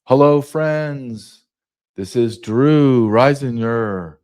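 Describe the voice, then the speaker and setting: A man's voice: medium pitch, very slow, a little mellow. A man putting on a mocking imitation of a whiny, sing-song man who stammers.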